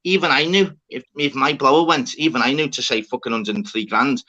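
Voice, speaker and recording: A man's voice: mid-range voice, lively intonation, fairly quick, sharp tone, dull audio. A man telling a sweary story in casual chat. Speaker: host.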